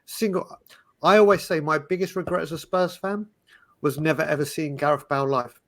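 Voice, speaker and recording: Bloke telling stories on a podcast, lively, keeps restarting, bit high-pitched. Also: male voice, brisk. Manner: animated, storytelling, restarts often. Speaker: podcast panelist. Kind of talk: casual chat.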